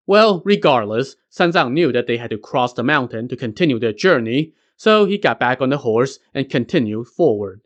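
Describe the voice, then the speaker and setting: A man's voice: mid-range voice, expressive, normal speed, few pauses, muffled recording. A man narrating a classic legend as a podcast host, with casual joking asides. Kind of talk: scripted story narration.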